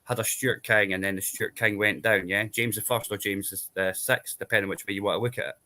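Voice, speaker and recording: A man's voice: fairly low pitch, fairly even intonation, a little fast, pushed and bright. A Scottish man in casual chat, rambling through long explanations and checking in with tag questions. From Scotland. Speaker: panel guest.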